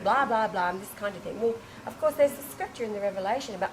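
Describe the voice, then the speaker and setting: A woman telling an emotional personal anecdote to a small group, animated and exclamatory, with frequent restarts and laughing or tearful breaks. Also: medium pitch, fast talker, few pauses, a little hiss or hum, low-quality recording. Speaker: storyteller recounting an experience to a small group.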